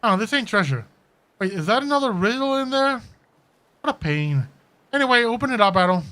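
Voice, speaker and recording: A man's voice: very high voice, very animated, fairly quick, bright, forceful tone, full character voice. A man voicing a blunt, impatient young woman warrior in a fan voice-over of game dialogue, speaking dryly.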